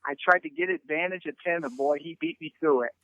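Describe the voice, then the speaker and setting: Animated man telling a story on a tinny phone line. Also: on the high side, fast, no echo. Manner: animated storyteller, frequent "right?" and stammered restarts. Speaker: hunting guest. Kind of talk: storytelling interview.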